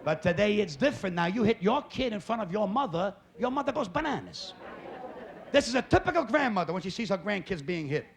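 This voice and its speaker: Loud, animated middle-aged comedian. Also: male voice, high voice, a little fast, a faint crowd. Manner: loud, exasperated storytelling. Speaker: stand-up comedian. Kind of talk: stand-up routine. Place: live comedy stage. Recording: echoey club with loud audience.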